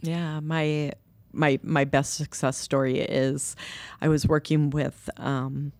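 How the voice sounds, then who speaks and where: A woman's voice: low voice, slow, dry recording. A woman co-founder of a nursery, earnestly telling a story in an interview and animating the voices of people she quotes. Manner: earnest, animated when quoting others.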